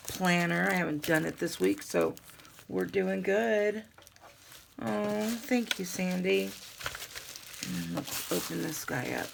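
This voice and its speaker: A woman's voice: on the low side, gravelly, a little hiss or hum. A woman vlogger chatting casually with her viewers as she unboxes gifts, gushing and easily moved. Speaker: stamping and crafting vlogger.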